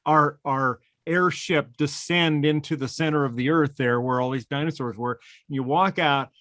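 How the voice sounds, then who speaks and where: A man's voice: on the high side, normal speed, fairly bright tone, no room sound, clean studio sound. A man hosting a podcast, recalling an event with easygoing enthusiasm. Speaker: podcast host. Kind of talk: casual interview chat.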